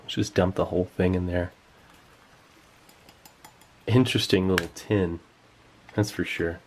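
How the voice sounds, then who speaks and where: Enthusiastic man tasting old food, low voice. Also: fairly even intonation, measured pace, a little hiss or hum. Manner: enthusiastic, chews while talking. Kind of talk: casual tasting commentary.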